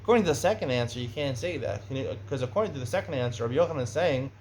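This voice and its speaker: A middle-aged man gives a Talmud study lecture, speaking conversationally and getting animated when he raises questions. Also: medium pitch, very fast, slight background noise. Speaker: Talmud teacher.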